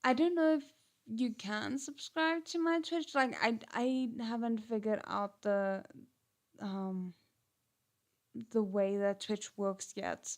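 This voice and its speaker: Slow, hesitant woman streaming. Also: fairly high pitch. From South Africa. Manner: hesitant, many ums and restarts, thanks viewers. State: slightly gruff voice. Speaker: channel host on a livestream. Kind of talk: casual livestream chat. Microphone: headphones and desk mic.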